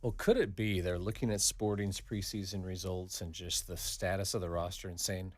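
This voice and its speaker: A man co-hosting a casual sports chat, making brief, measured remarks. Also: low-pitched, fairly even intonation, dry recording. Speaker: podcast co-host.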